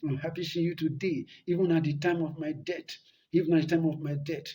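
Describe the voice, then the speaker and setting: A man's voice: a little high, fairly even intonation, brisk, dark tone, pitched below the performer's own voice, natural voice. A man voicing a young male warrior who is a dying son, pleading and repeating each line. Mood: tender farewell.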